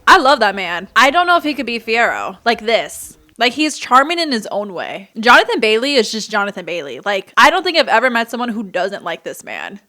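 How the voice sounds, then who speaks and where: A woman hosting a movie reaction, excitable and gushing, laughing often as she talks. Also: fairly high pitch, a little fast, hardly any pauses. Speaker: host.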